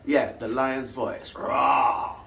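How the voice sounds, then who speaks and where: A male musician giving a station shout-out with an animated, drawn-out delivery. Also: fairly high pitch, recorded from a distance, heavy background noise.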